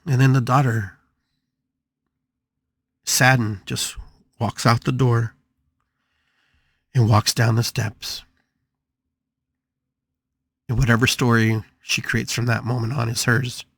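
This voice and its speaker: A man's voice: medium pitch, level tone, takes it slowly, vocal fry, pauses often, fairly bright tone, slightly rough, no room sound. Dramatic male podcast storyteller. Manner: dramatic, emphatic, repeats phrases for effect. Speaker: podcast host. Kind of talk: spiritual storytelling talk.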